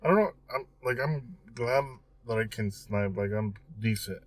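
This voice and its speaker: Teasing podcast co-host, short replies. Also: male voice, fairly low pitch, normal speed. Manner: brief, teasing interjections. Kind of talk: casual chat.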